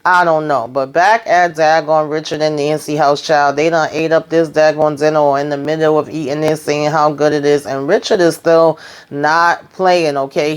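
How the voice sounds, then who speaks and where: A woman hosting a casual TV episode recap, retelling scenes in a chatty, slangy way with lively asides. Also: deep voice, clear, resonant tone. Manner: animated retelling, slangy asides, acts out characters' quotes. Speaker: TV show recap host.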